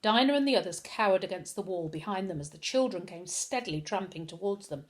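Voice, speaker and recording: Expressive woman reading a storybook. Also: mid-range voice, a little fast. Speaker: reader. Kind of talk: reading a children's novel aloud.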